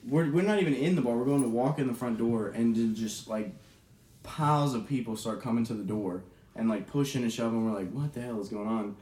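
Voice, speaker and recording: A man's voice: mid-range voice, brisk, a little mellow, roomy sound, recorded from a distance. A young man telling a rowdy bar story in casual chat, laid-back and swearing, often laughing.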